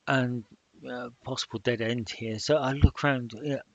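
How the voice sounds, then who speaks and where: A man narrating his solo tabletop game, in a halting manner with many fillers. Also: medium pitch, fairly even intonation, fairly bright tone, no echo, lo-fi sound. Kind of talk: solo role-play narration.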